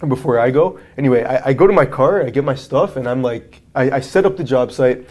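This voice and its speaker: A man's voice: medium pitch, fairly quick. A young man in his twenties, a guest on an interview podcast, telling a work story casually and acting out the people in it. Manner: animated storyteller, acts out quotes in a raised voice. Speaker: guest, franchise owner.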